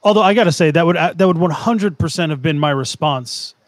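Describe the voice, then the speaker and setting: A man in casual podcast chat, bantering and quick to mock. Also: a little high. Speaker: podcast co-host.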